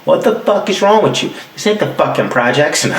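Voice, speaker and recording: Ranting alone on his podcast, a young adult man speaks profanely and animatedly from a home room with the heat off, acting out quotes. His voice is a little high, with roomy sound and a noisy background.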